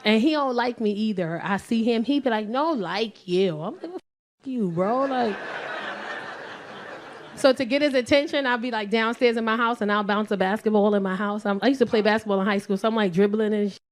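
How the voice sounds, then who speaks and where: A woman's voice: mid-range voice, fairly quick. Brash New York woman comic. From South Bronx, New York. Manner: brash, profane, loud bursts and mock voices. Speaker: stand-up comedian. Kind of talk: stand-up set.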